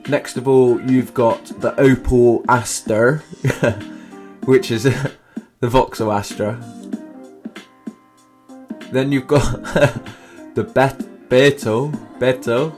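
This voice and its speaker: A man's voice: medium pitch, steady tone, drawn-out words, pauses often, soft background music. A young man giving a sarcastic, profane video game review, swearing often. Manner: sarcastic, swears often, shouts in disbelief at glitches.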